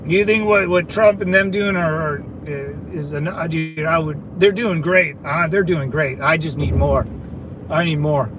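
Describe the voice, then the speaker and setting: Host, middle-aged man, fairly high voice, slangy rambling livestream chat, traffic noise behind. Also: measured pace. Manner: loose, rambling, slangy, calls viewers brother. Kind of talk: casual livestream chat reading viewer comments.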